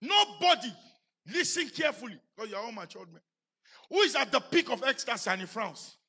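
A pastor with a Nigerian English accent preaches in church, building to shouted emphasis and asking the congregation questions. His voice is extremely high, husky, animated, and fast.

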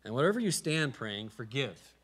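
A man's voice: mid-range voice, sing-song, normal speed, a bit bright, breathy edge. A man with a Midwestern American accent, a pastor preaching a sermon in a casual, conversational way and often repeating words as he starts a phrase.

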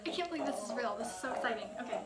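Excitable high-voiced woman vlogger. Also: very fast, loud music behind the voice. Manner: excitable, gushing. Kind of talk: music reaction vlog. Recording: echoey room.

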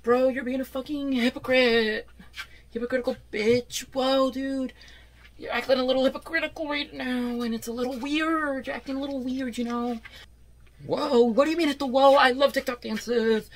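A woman playing a rambling, defensive parody of a female YouTuber in a comedy sketch, swinging into yelling. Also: sits high, fairly even intonation, moderate pace.

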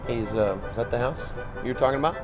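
A man playing a fast-talking neighbor in a skit. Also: mid-range voice, close to an everyday voice. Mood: casual. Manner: quick casual banter. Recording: skit clip with loud music.

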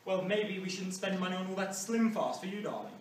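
A woman's voice: medium pitch, animated, fairly quick, a little hiss or hum, lightly acted. A teenage girl playing a stingy, snide rich husband who blusters and stammers excuses in a school drama sketch. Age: teens. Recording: echoey room, far from mic.

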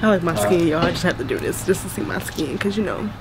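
A woman's voice: fairly low pitch, expressive, fast talker, noisy background. A woman co-hosting a casual eating vlog, chatting playfully with her partner and often trailing off. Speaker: vlogger co-host. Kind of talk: casual mukbang vlog chat.

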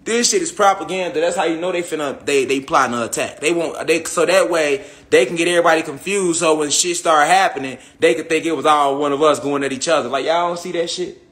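A young man ranting to his followers with heated, profane energy, circling back to the same points and asking "you hear me?" again and again. His voice sits a little high and sounds bright and forward. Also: fast, few pauses. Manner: heated, repetitive, profane, with rhetorical tag questions. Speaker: online spiritual commentator. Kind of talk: profane monologue rant.

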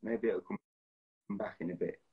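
The host of this Instagram live stream has a low, husky voice with fairly even intonation and a moderate pace. Using his phone, he acts out films and reads out what viewers guess, and the stream's audio is lo-fi.

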